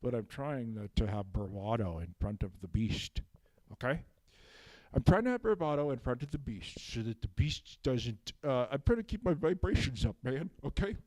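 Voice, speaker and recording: Rambling man with a warm, mellow voice. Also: mid-range voice, big pitch swings, normal speed, no room sound. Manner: rambling, drops "okay?" after nearly every phrase. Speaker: improv comedian. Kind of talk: improvised absurd comic monologue. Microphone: handheld microphone.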